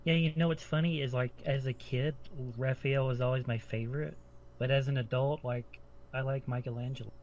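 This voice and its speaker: A man's voice: medium pitch, fairly even intonation, brisk, darkish tone, a little hiss or hum. Amused man reminiscing, muffled audio. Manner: nostalgic, amused storyteller. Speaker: podcast guest. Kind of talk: casual chat. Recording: dull lo-fi audio.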